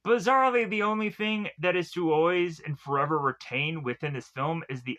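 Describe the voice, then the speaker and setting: A man with a fairly high, bright, edgy voice talks through a movie's plot in a loose, rambling way. He leans on filler words and restarts as he retells scene after scene. It sounds unscripted and casual. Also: moderate pace. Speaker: film reviewer. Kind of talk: casual spoken film review retelling the plot.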